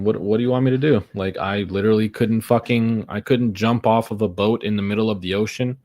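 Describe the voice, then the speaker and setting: Young man, low-ish voice, exasperated, swearing, muttering about trading losses. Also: steady tone, a little fast, hardly any pauses, darkish tone. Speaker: day trader streaming live. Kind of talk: frustrated live commentary.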